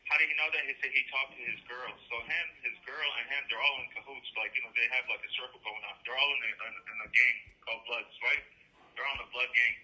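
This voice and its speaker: A man's voice: mid-range voice, steady tone, quick pace, bright, forceful tone. A man calling from jail on a phone line, agitated and insistent, repeating himself as he lays out a complaint. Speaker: incarcerated caller.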